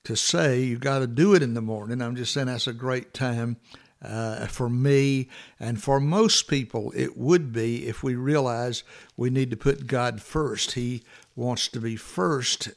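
A man with a gravelly, fry-edged voice leads a morning devotional podcast. He talks in a loose, unscripted way, pausing often with fillers and restarting his sentences as he reflects on scripture. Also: mid-range voice. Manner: halting, many fillers and restarts. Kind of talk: informal devotional talk.

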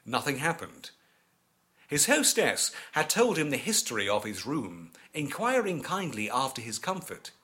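A male narrator reads an eerie old-fashioned tale as an audiobook, with measured pacing. His middle-pitched voice rises and falls in a lively, animated way to shape the story.

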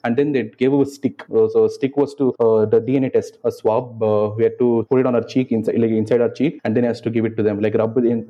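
A young man with an Indian English accent, telling his story in an interview in a rushed way, full of "like" and acted-out exchanges. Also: mid-range voice, mellow. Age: young adult. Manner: rushed, repeats "like", acts out officers and his own pleading. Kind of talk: personal account in an interview. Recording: dull lo-fi audio.

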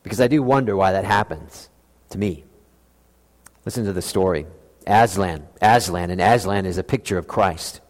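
A man preaching a sermon as pastor, earnest and reflective, with slow emphatic phrasing. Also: deep voice. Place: church sanctuary. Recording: long hall reverb.

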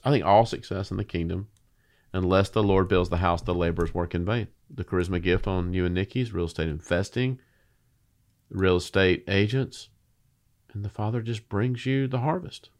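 A man's voice: low voice, normal speed. A man hosting a casual faith conversation who jokes with his guest and then slips into preaching. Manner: playful questioner who turns to preaching. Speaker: host.

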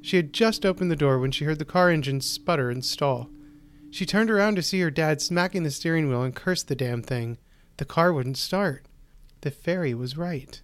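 A man hosting and narrating a short story, reading in a measured, deliberate way with slowed pauses. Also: on the high side. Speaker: host and narrator.

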